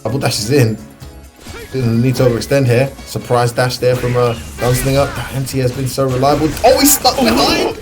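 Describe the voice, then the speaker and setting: A British man giving excitable, chatty live commentary on a fighting-game match. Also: medium pitch, brisk, music in the background. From United Kingdom. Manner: excitable, chatty, laughs often. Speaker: esports commentator.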